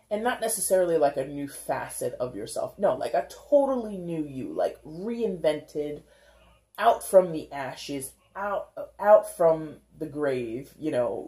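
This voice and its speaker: Low, slow, mellow-voiced woman tarot reader. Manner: chatty, giggly, rambling with many "like" fillers. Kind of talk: casual tarot reading.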